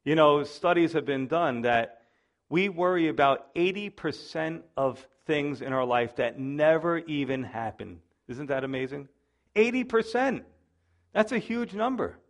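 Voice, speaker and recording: Male pastor, sermon, chatty storytelling, slightly high voice. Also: animated, unhurried. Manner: conversational storytelling preaching.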